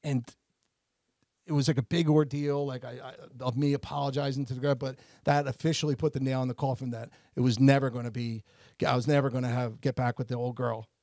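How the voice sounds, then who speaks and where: A man's voice: mid-range voice, flat delivery, fairly quick, a little mellow, no room sound. Rambling man telling a story, dry sound. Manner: rambling, self-interrupting, many restarts and "like"s. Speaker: podcast co-host. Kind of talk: casual storytelling chat.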